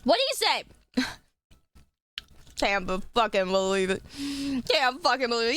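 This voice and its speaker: A young woman streamer chatting casually at her desk, swearing freely and breaking into loud joking rants. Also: fairly high pitch, sing-song, slow pace, long pauses, no room sound. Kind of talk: casual live-stream chat.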